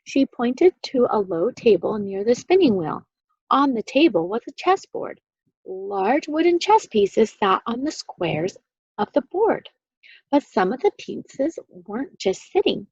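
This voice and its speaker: Woman, children's book read-aloud, expressive, animated, dull lo-fi recording. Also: on the high side, a little slow, breathy edge, dry recording. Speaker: reader.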